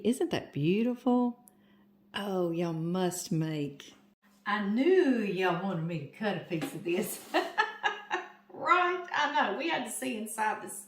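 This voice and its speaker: Slow-talking older Southern woman in an echoey kitchen. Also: medium pitch. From Louisiana. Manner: chatty, talks straight to viewers as "y'all". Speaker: home cooking vlogger. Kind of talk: casual cooking demonstration. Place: home kitchen. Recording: roomy kitchen echo.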